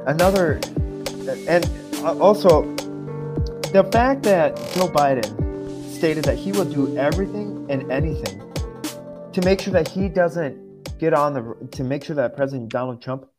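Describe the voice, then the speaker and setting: A man's voice: a little high, lively intonation, measured pace, music in the background. A man speaking as a guest on a political talk show, emotional and close to tears, stammering and repeating phrases.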